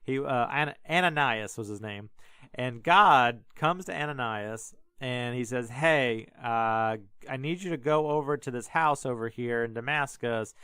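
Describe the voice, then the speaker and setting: Rambling, smooth-voiced man retelling a story. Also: medium pitch, measured pace, bright, forceful tone, no echo. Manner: rambling, filler-heavy, joking asides. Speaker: podcast host. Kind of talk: casual retelling of a Bible story.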